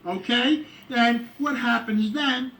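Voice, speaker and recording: A man's voice: very high-pitched, slow, recorded from a distance, a crowd in the background, poor audio. A man delivering a rambling comic monologue straight to the camera, brash and full of groans, asides and complaints. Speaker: comedian.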